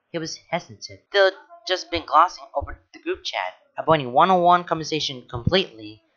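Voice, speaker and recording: A man reads a story aloud, now and then stopping for casual, halting asides. His voice sits in a middle register. The recording is dull and lo-fi. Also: medium pitch, sharp tone. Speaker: fan fiction reader.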